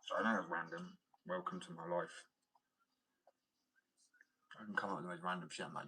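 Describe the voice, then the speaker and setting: This is a man with a slight Australian twang who chats in a loose, rambling way while crafting. His voice sits on the low side yet comes across bright and forceful. Swearing slips out easily, and the talk wanders from thought to thought. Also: steady tone, a little fast, pauses often, breathy edge, poor audio.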